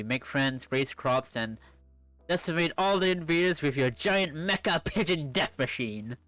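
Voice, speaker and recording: A woman's voice: low-pitched, a bit bright, no room sound, voice pushed up. A streamer voicing a shy, nerdy young woman in a visual novel, talking awkwardly and trailing off. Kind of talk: visual novel read-aloud.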